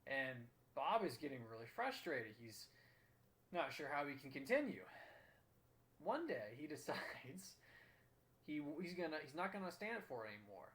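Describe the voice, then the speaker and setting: A man's voice: fairly high pitch, very animated, normal speed, fairly bright tone. A young man hosting a motivational talk, telling a story in an earnest, emphatic way. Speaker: host.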